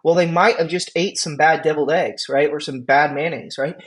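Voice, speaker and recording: A man, a paramedic instructor, giving a conversational classroom lecture. He often checks in with "right?" and "okay?" and acts out quick exchanges with patients. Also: a little high, steady tone.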